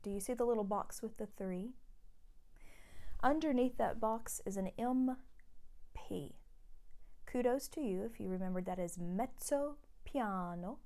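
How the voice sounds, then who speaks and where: A woman's voice: mid-range voice, dark tone. A woman who teaches middle school choir, patiently explaining a song to her students and singing lines for them to echo. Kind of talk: recorded music lesson for students.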